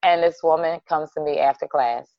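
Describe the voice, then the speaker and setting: Lively middle-aged woman telling a story. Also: deep voice, fairly quick, no echo. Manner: animated, acts out dialogue, trailing restarts. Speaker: dance fitness teacher. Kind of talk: storytelling in casual conversation. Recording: dry, slightly dull lo-fi sound.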